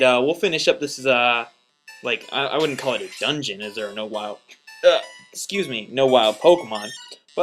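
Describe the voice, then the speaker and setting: A man's voice: fairly high pitch, fairly bright tone. A young man hosting a let's play, rambling casually and exasperated, with lots of restarts. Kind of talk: casual gameplay commentary.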